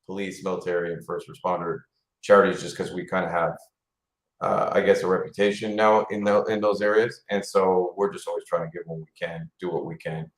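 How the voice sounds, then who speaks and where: Lower-voiced guy, guest on a chat show, earnest and soft, roomy echo. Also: fairly even intonation, a little fast. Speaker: guest, company founder. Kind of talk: casual interview talk. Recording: roomy sound.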